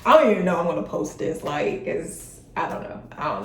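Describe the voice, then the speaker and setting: A woman's voice: fairly low pitch, moderate pace. A woman talking casually and openly to her viewers in a personal vlog, with plenty of feeling in her voice. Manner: chatty and openly emotional, speaks directly to viewers. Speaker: vlogger. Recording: roomy, a bit distant from the mic, faint hiss.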